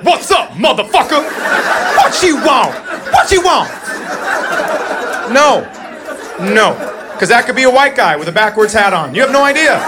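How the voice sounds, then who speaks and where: A man doing a stand-up set, telling a story in an exasperated way and putting on other people's voices. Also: high-pitched. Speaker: stand-up comedian. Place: comedy club stage before a laughing crowd. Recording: live club recording with crowd noise.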